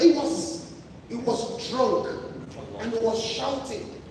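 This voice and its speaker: A high-voiced man preaches a sermon, pressing his points through repetition and restarts. He sounds far from the mic in a large, echoing hall with long reverb. A clear layer of noise sits under his voice. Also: slow pace, long pauses, a little mellow. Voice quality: emphatic, repetitive phrasing with restarts. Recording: echoey hall from far off, noisy.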